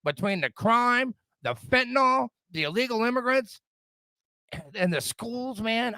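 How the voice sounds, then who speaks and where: Fired-up profane man ranting, high bright voice. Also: very animated, a little slow, no echo. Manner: profane, fired-up, repetitive stammering restarts. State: drinking whiskey. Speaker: podcast host. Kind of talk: casual political rant.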